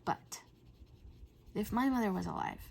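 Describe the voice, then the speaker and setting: A middle-aged woman hosting a coloring video, chatting in a rambling way and often dropping to a soft whisper. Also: mid-range voice, measured pace, gravelly. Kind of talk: casual chat while coloring.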